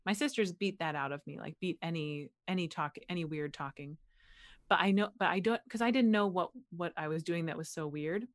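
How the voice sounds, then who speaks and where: A young American woman from Pennsylvania, a voice actor chatting as an interview guest, animated and quick to laugh. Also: lowish voice. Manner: animated, laughs often, frequent "like" fillers. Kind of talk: casual interview chat.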